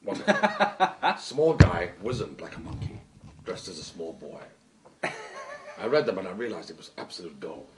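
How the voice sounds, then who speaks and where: A man's voice: deep voice, very animated, moderate pace, long pauses, recorded from a distance, noisy background. An actor playing a vain, rambling man who boasts about his film projects in a comedy sketch. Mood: boastful.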